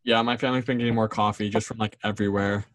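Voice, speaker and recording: A teenage student chatting casually with friends on a call, asking teasing questions. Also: male voice, on the low side, fairly even intonation, racing, fairly bright tone, no echo.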